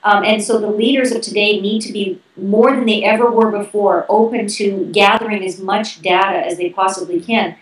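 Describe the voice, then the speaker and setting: A woman with a Canadian accent, a keynote speaker answering interview questions in a clear, explanatory way, with fillers and restarts. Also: mid-range voice, fairly even intonation, normal speed, few pauses, roomy sound, far from the mic, low-quality recording.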